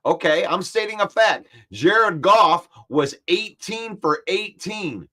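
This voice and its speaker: A man's voice: sits high, slow pace, few pauses. Fired-up male sports talk host. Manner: reads viewer comments aloud and argues back, animated and defensive. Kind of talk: casual live-stream sports chat.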